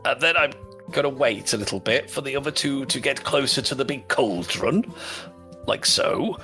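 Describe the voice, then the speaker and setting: A man's voice: medium pitch, sing-song, normal speed, bright, forceful tone, soft background music. A man chatting casually as a player in a tabletop game, playful and scheming.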